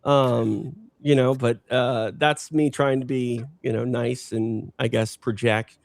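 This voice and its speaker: A man with a faint Minnesota accent talks as a podcast guest, keeping his voice easy and unprojected instead of using a broadcast delivery. His voice sits at an ordinary middle pitch. The recording is dry and close, with no room sound. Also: fairly even intonation, takes it slowly, gravelly, no room sound. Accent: slight Minnesota. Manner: low-key, unprojected everyday talk. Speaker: combat sports announcer, podcast guest. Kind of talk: casual interview chat.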